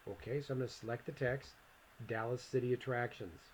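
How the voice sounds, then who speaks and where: A man instructor narrating a software screencast tutorial, casual and thinking aloud as he clicks, with joking asides to the viewer. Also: medium pitch, fairly even intonation, a little fast, slight background noise, rough recording. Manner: casual, talks to himself while clicking.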